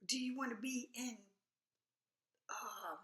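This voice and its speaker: A woman's voice: on the high side, steady tone, slow pace, bright, forceful tone, roomy sound. A woman doing a casual tarot reading, talking bluntly and emphatically, now and then dropping to a whisper. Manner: blunt, emphatic, repeats "do you understand". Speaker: tarot reader.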